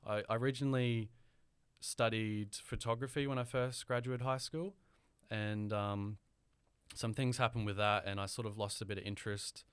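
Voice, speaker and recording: Young Australian male guest, smooth resonant voice, hesitant casual talker. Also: fairly low pitch, fairly even intonation, moderate pace, no room sound. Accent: mild Australian. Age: young adult. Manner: hesitant, filler-heavy, rambling. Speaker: guest audio engineer. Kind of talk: casual podcast interview.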